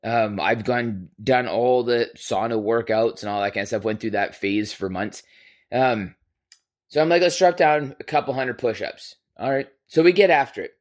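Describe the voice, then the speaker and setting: A male podcast host telling a story in casual chat, animated and profane, swinging between loud bursts and quiet asides. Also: mid-range voice, normal speed.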